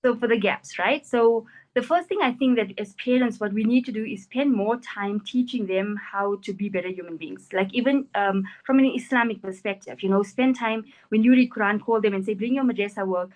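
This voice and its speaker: Animated woman giving advice. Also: a little high, brisk, few pauses, rough recording. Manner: earnest, animated, acts out quoted parents and children. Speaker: NLP practitioner and life coach. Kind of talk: interview answers, advice on parenting.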